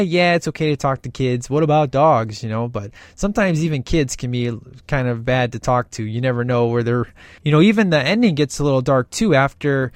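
A man's voice: medium pitch, no room sound, studio quality. A man hosting casual movie commentary, talking in a rambling, enthusiastic way with lots of fillers. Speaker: podcast host reviewing a film.

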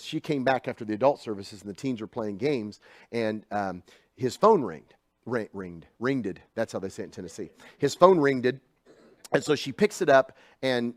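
Male preacher, middle-aged, chatty storytelling sermon with big swings in loudness, dry recording. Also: medium pitch, no room sound. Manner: swings from hushed asides to loud emphatic bursts.

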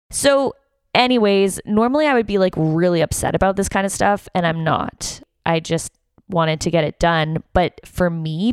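A woman's voice: lowish voice, clean tone, no room sound, studio quality. A young woman hosting a podcast, telling a personal story candidly and emotionally, swearing freely. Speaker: podcast host.

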